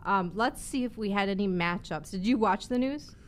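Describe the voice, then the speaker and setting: A woman's voice: mid-range voice, moderate pace. A woman hosting a live talk show, chatting casually and teasing her guest. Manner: chatty and teasing, laughs often. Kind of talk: casual chat.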